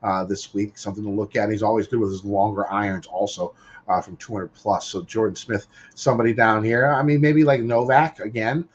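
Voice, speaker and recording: A man filling in as guest co-host on a golf betting podcast, talking haltingly with plenty of fillers. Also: fairly low pitch, fairly even intonation, husky, dull audio. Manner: halting, filler-heavy talk. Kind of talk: casual golf betting chat.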